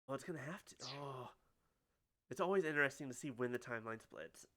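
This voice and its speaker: A man's voice: mid-range voice, expressive, quick pace, sharp tone. A young man giving sarcastic, chatty commentary while playing a video game. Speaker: let's play streamer. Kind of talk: casual gameplay commentary.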